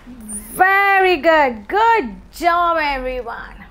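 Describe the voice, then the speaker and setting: Lady teaching little kids letters, high voice, sing-songy, takes it slow. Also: sing-song. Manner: sing-song, coaxing, asks and answers her own questions. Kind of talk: children's phonics lesson.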